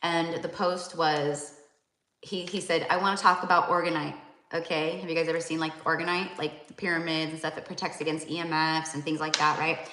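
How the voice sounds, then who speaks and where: A woman's voice: sits low, flat delivery, brisk, bright, forceful tone, echoey room, a little hiss or hum. A young woman and psychic tarot reader, talking casually and rambling with many fillers and restarts. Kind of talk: casual spiritual talk to viewers.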